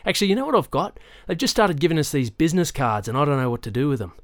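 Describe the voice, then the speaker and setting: A man's voice: fairly high pitch, very animated, very fast, dry recording, studio quality, pitched above the performer's own voice. Man doing a hearty rural Australian cop. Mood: friendly. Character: burly rural male police constable, jovial.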